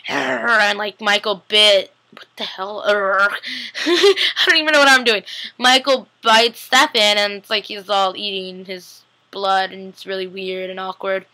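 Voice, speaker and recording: A young woman vlogger casually recapping a TV episode, chatty and giggly, acting out the characters' lines in quick voices. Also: on the high side, pushed and bright, low-quality recording. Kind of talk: casual chat.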